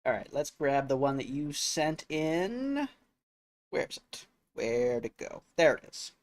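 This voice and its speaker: A male streamer reacting to videos with excitable, exclamatory commentary and frequent swearing. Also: medium pitch, unhurried, slight background noise. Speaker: streamer host.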